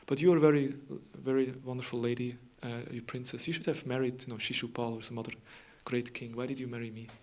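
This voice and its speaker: Man playing a playful young god, teasing, slightly raised voice, mid pitch. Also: flat delivery, fast, hardly any pauses, a little mellow, close to an everyday voice.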